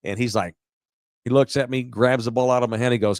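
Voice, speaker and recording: A man's voice: medium pitch, a little fast, dry recording, clean studio sound. A man, co-hosting a podcast and telling stories with lots of cursing and acted-out quotes. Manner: animated storytelling, acting out quotes, profane. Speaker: podcast co-host. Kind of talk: casual chat.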